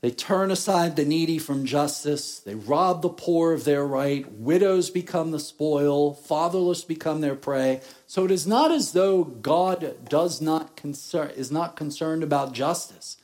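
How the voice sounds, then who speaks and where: Guy preaching a sermon real slow and deliberate, kinda high voice. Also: a little mellow. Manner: slow, deliberate preaching, rising in intensity at points. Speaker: pastor.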